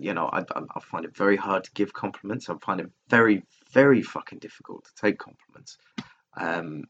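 Deep gravelly man, candid and rambling. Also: fairly bright tone, highs cut off, a little hiss or hum. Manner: candid, rambling, swears often, restarts. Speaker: podcaster recording alone. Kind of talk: casual personal monologue. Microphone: laptop recording software.

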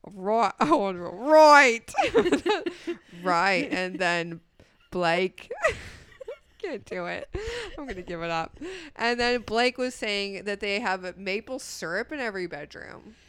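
A woman's voice: medium pitch, lively intonation, slow pace, fairly bright tone, smooth. A young woman co-hosting a podcast, chatting casually and jokingly, often giggling and rambling about a dating show. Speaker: podcast co-host.

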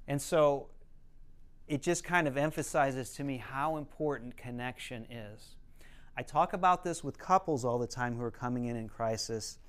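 A man, a counselor, giving a conversational teaching talk, explaining earnestly and telling stories to make his points. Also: mid-range voice.

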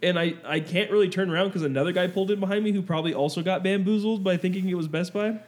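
A man's voice: high-pitched, very fast. A young man from Southern California telling a rambling story in casual chat, acting out the voices of the people in it. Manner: rambling, animated storyteller, acts out quoted voices.

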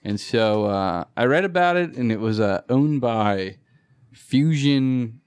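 A man talks loosely through a casual podcast chat, trailing off into fillers and laughs. His voice sits at an ordinary middle pitch. The sound is dry and close, with no room around it. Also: animated, slow pace, a little mellow, smooth, dry recording. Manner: rambling, laughs often.

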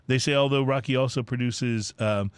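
A laid-back man reads cigar ratings aloud in a casual chat, pausing on fillers and warming up over the ones he loves. His voice sits in a middle register and is recorded close and dry, with no room around it. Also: medium pitch, fairly even intonation, clear, resonant tone, dry recording. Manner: easygoing, filler-heavy, enthusiastic. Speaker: podcast co-host.

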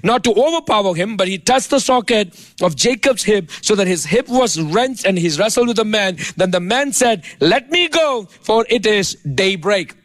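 A man preaching a sermon with impassioned, animated delivery and playful asides to his congregation. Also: high-pitched, moderate pace, dry recording, clean studio sound. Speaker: pastor.

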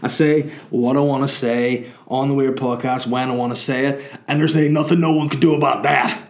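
A man's voice: medium pitch, steady tone, brisk. A man talks through his podcast in a loose, casual monologue. He rambles and mocks himself, with plenty of fillers and restarts. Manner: rambling and self-mocking, with many fillers. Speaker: podcast host and comedian.

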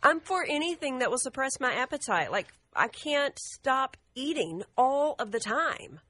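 A woman's voice: high voice, measured pace, no room sound. A woman co-hosting a morning radio show, joking and telling stories. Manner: animated, jokey, tells stories. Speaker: radio co-host. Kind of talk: casual morning show chat.

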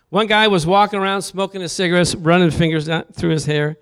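Animated pastor man preaching. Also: high-pitched, fast, few pauses, smooth. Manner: storytelling, asks the congregation questions. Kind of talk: sermon.

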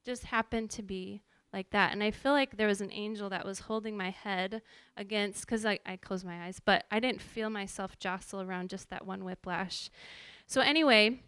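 A woman's voice: medium pitch, fairly even intonation, moderate pace, fairly bright tone, clear, resonant tone, dry recording. A woman worship pastor in her thirties telling a personal story in a casual, conversational way, full of fillers and asides. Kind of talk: personal testimony.

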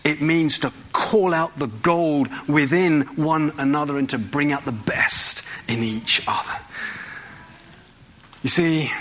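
A man's voice: medium pitch, sharp tone. A man preaching a sermon in a church, conversational and full of rhetorical questions.

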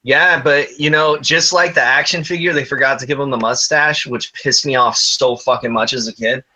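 Bright-voiced joking podcast man. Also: medium pitch, fairly even intonation, normal speed, low-quality recording. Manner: joking, profane, teasing. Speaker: podcast co-host. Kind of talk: casual podcast banter.

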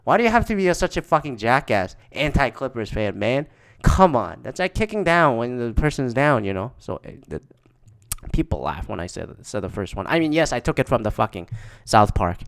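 Swearing and rambling, this man tells casually about games he went to, dropping frequent fillers along the way. His medium-pitched voice is sing-song and brisk, with some vocal fry.

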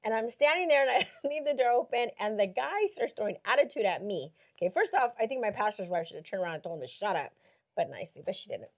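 A woman's voice: on the high side, lively intonation, quick pace. A woman in casual chat, telling a story with animation, often laughing and saying "you know.".

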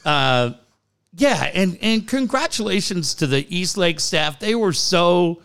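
A man's voice: high voice, lively intonation, slow pace, gravelly, fairly bright tone, clean tone. A man co-hosting a podcast, telling stories in a casual chat, swearing freely and laughing as he goes. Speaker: podcast co-host.

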